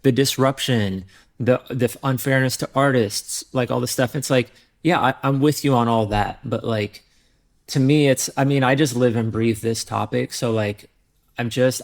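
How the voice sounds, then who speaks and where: A man, a software founder, talking candidly in a podcast interview, rambling with many fillers and restarts. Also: mid-range voice, creaky.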